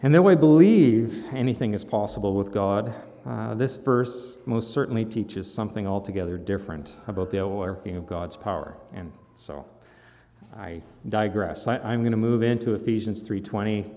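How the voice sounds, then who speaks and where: A man's voice: lowish voice, moderate pace, warm tone, big-room sound. A man preaching a sermon in a church, praying and retelling a story in an informal, conversational way. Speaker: pastor.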